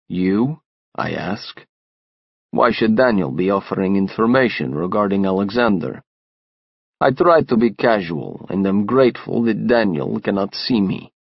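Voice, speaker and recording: A male narrator reads a first-person audiobook in a measured, restrained manner. His voice sits low with a gravelly edge, recorded close and dry with a slightly dull tone. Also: dry recording.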